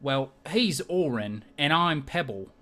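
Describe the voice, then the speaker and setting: A man's voice: on the high side, expressive, slow pace, sharp tone, exaggerated voice. A man voicing a small owl companion that speaks bluntly and warily for its gnome partner. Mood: flat.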